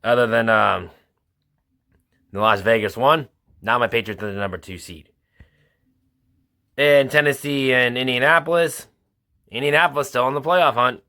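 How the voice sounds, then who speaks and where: A man with a bright, sharp-edged voice runs through his weekly football picks. His delivery is informal and halting. He sounds like a regular host of his own show. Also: medium pitch. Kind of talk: casual football picks commentary.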